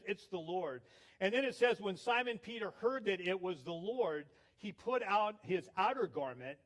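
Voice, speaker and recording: A male pastor giving a sermon, telling stories with acted quotes. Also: sits high. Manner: storytelling with laughs, acted quotes.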